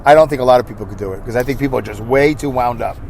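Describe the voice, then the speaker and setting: A man's voice: medium pitch, racing, darkish tone, slight background noise. A middle-aged American man hosting a casual solo podcast, rambling through his thoughts with asides and restarts. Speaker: podcast host.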